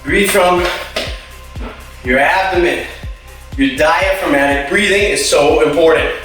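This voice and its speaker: A male martial arts instructor leading an at-home workout class, upbeat and encouraging, counting reps out loud and cheering his students on. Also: on the high side, a little slow, recorded from a distance. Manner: loud counting and shouted kiai. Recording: very echoey room, voice away from the mic, faint music.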